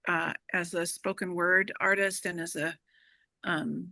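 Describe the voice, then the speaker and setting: A woman's voice: on the low side, fairly even intonation, a little slow, gravelly, pushed and bright, no room sound. A woman in an online workshop, asking a hesitant question with restarts.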